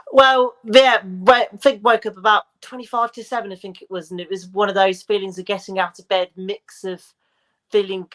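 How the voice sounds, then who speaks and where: Female caller, mid-pitched, halting, full of restarts. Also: steady tone, a bit bright. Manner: halting, many restarts and repeated words. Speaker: caller on a fan phone-in.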